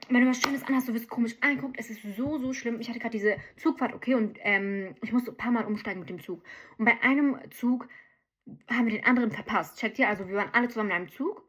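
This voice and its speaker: A woman's voice: fairly high pitch, a bit bright, husky. A young woman chatting straight to her viewers in a casual vlog, ranting and telling a travel story.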